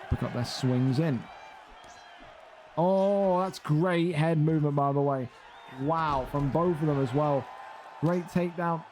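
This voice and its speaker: Excitable man calling fights. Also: a little slow, pauses often, some chatter behind, a little hiss or hum. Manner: excitable, rises high and loud on big moments, swears casually. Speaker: commentator. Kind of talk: play-by-play commentary of a video game fight.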